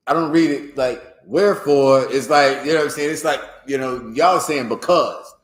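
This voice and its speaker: A man teaching a scripture class in a loose, slangy way. His voice often leaps up high to demonstrate how a word should sound. The room gives his voice a roomy echo. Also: normal speed.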